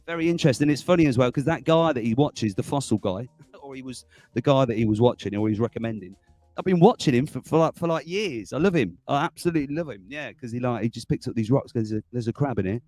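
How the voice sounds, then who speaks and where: A man in his forties hosting a casual livestream chat, chatty and excitable, laughing often. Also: medium pitch, fast talker, no echo, faint music behind. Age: 40s. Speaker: livestream host.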